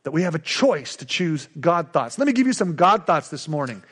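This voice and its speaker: High-voiced emphatic male preacher. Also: very animated, normal speed, fairly bright tone, slightly rough. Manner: emphatic, repetitive call-and-response preaching. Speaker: pastor. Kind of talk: sermon.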